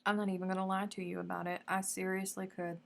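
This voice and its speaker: A woman hosting a casual live craft stream, chatting effusively and dropping now and then into soft murmurs. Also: mid-range voice, level tone, quick pace, gravelly. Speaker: crochet livestream host.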